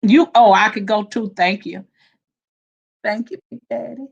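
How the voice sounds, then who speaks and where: A woman's voice: mid-range voice, a little slow, vocal fry, slightly rough, muffled recording. A woman hosting a casual livestream, laughing often as she greets viewers by name and reads their comments. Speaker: livestream host.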